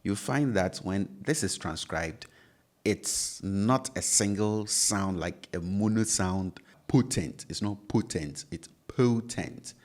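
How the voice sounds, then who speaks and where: A man's voice: lowish voice, slow. A man with a Ghanaian English accent, a native Twi speaker, teaching pronunciation patiently and repeating each sound. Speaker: language teacher. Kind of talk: online lesson.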